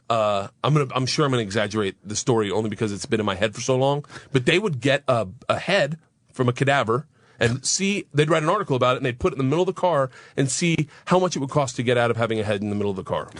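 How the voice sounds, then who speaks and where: A man in his thirties, a guest on a radio talk show, telling a wild story in a profane, animated way, acting out the voices. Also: mid-range voice, no echo.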